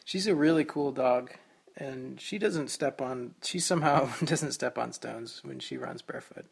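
A man's voice: medium pitch, big pitch swings, unhurried, vocal fry, breathy edge. A man hosting a casual solo podcast from his kitchen at home, rambling and joking with self-mocking humor. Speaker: podcast host.

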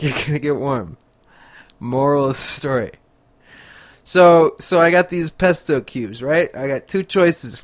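Rambling man chuckling through a monologue. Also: mid-range voice. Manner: chatty, laughs often, rambles on tangents. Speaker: podcast host.

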